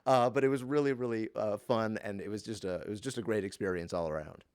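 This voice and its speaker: A man who works as a voice actor, answering interview questions in a relaxed, chatty way with lots of fillers and restarts, and telling lively anecdotes. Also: lowish voice, quick pace, clear, resonant tone, soft background music.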